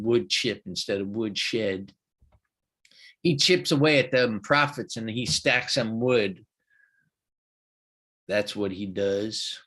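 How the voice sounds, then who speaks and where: A man's voice: on the low side, sharp tone. A man hosting a live trading show, chatty and folksy as he walks through stock charts. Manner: folksy, chatty, loose with fillers. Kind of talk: live market commentary.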